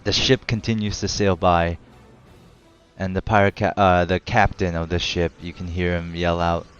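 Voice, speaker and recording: A man's voice: sits low, flat delivery, normal speed, clear, resonant tone, muffled recording, faint music behind. A man narrating as game master of a tabletop game, laid-back and hesitant, often laughing.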